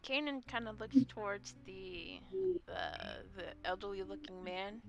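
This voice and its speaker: A woman playing a tabletop game who describes her character's actions softly and hesitantly. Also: medium pitch, expressive, vocal fry, soft background music. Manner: slow, soft-spoken, hesitant narration. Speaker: player.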